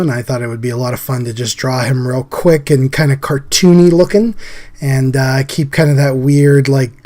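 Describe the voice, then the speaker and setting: A man hosting a casual drawing chat, his voice scratchy and hoarse from a recent illness, talking in an easygoing, chatty way. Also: medium pitch, darkish tone. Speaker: host.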